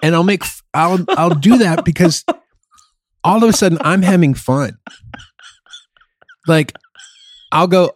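A man's voice: high voice, measured pace, pauses often, dry recording. Man, middle-aged, musician, casual podcast chat, candid, profane, self-mocking, dry close sound. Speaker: musician who plays gigs.

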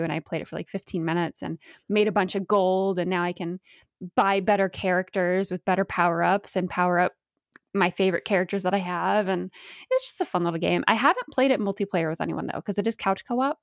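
A woman's voice: fairly low pitch, quick pace, gravelly, no room sound, clean studio sound. A young woman co-hosting a podcast, chatting casually and upbeat, laughing often. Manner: giggly, upbeat, animated storytelling. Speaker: podcast co-host. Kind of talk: casual chat.

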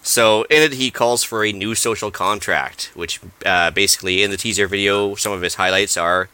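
A man's voice: on the low side, steady tone, normal speed, few pauses, bright, forceful tone, clean tone. A man co-hosting a casual podcast, rambling and hunting for words with plenty of fillers. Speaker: podcast co-host.

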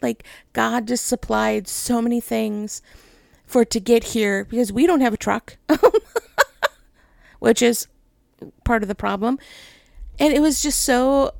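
A woman's voice: a little high, creaky, a little mellow, dry recording, studio quality. A middle-aged woman who leads a ministry, talking candidly and emotionally, laughing often and rambling with "right?" tags. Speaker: ministry leader. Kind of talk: candid personal talk.

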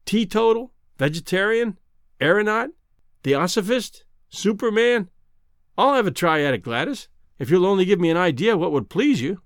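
A man's voice: high-pitched, expressive, normal speed, no room sound, clean studio sound, voice pushed up. A man doing an earnest young lover, pleading. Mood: eager. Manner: pleading, impulsive.

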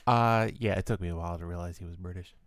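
Fast-talking Southern Maryland man. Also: low-pitched, dry recording, clean studio sound. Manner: fast, tumbling speech with restarts. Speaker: podcast co-host. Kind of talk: casual chat.

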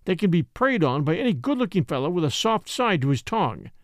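A man voicing a gruff, commanding middle-aged millionaire father in an audiobook, talking bluntly and curtly. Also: high voice, sing-song, fairly quick, dry recording, studio quality. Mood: ranting.

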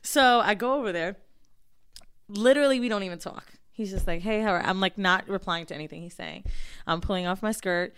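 A woman's voice: mid-range voice, fairly quick, clean tone. A young woman co-hosting a casual chat, telling explicit stories with lots of swearing and acted-out quotes. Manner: profane, animated storyteller acting out quotes. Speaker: podcast co-host.

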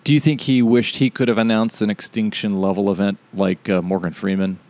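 A man with a somewhat low voice chats on a podcast. He is playful and laughs between his jokes. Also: flat delivery, a little fast, darkish tone. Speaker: podcast co-host. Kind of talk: casual chat.

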